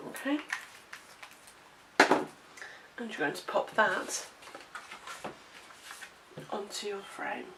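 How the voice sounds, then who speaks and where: Here a craft tutorial presenter with a medium-pitched voice stretches her words and pauses often. Breathless and coughing, she walks through making a card, chatting, poking fun at herself and laughing at her slips as she works. The recording is distant, with room echo and background noise.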